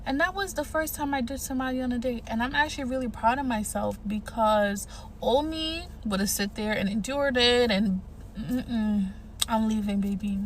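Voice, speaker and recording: A woman telling a dating story in a casual, animated, profane way, acting out what people said. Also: fairly high pitch, moderate pace, background noise. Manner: animated, profane, acts out quotes.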